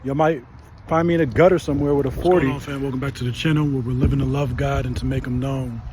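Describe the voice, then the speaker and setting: A man's voice: medium pitch, fairly even intonation, quick pace, noisy background. A man in his thirties hosting a faith channel, giving a casual motivational talk and often tagging his lines with "right?". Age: 30s.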